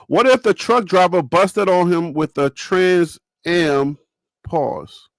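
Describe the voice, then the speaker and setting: A man's voice: sits high, animated, slow, no echo, studio quality. A man hosting a casual sports talk show, rambling and joking as he throws rhetorical questions at his audience.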